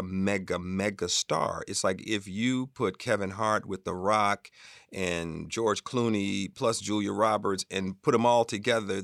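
A man with a low, gravelly voice recounts stories as a guest on an interview. He is animated and often acts out other people's voices in his telling. The sound is dry and close. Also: no room sound. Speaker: film director, guest. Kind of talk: casual interview storytelling.

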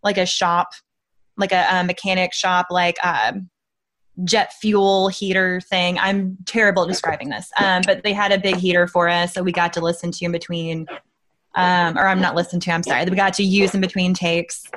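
A woman's voice: on the low side, flat delivery, normal speed, a bit bright, a little hiss or hum. Chatty woman rambling with fillers. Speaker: actress guest. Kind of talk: casual interview chat.

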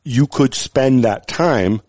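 A man's voice: mid-range voice, takes it slowly, darkish tone, dry recording. A man chatting as a podcast guest, thoughtful and rambling, with frequent restarts and fillers. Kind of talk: casual chat.

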